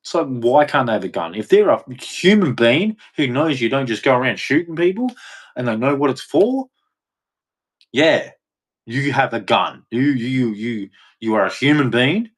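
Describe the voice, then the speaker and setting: A man's voice: mid-range voice, very animated, moderate pace, breathy edge. A man giving an emphatic, repetitive monologue, swearing and acting out quoted voices as he goes. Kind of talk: ranting monologue.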